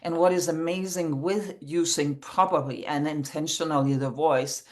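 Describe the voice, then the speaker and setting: A woman's voice: low voice, fairly even intonation, normal speed, darkish tone. Danish lady, middle-aged, earnest and spiritual, talks about voice work, bit non-native grammar. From Denmark. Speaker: founder of a voice method, guest. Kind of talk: interview answers.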